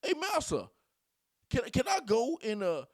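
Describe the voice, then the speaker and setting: A man playing a frightened servant man begging in a high, whining voice. His pitch jumps far above his normal talk and cracks into cries, and the sound stays close and dry. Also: wildly swooping pitch, measured pace, no echo, heavily acted. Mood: pleading.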